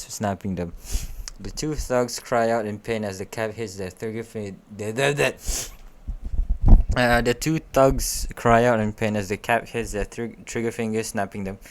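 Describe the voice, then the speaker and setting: A young man casually reading a fan story aloud, stumbling over words and stopping for joking asides. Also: lowish voice. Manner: reads haltingly, stumbles and corrects himself, joking asides. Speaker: fanfic reader. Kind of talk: casual read-aloud with commentary.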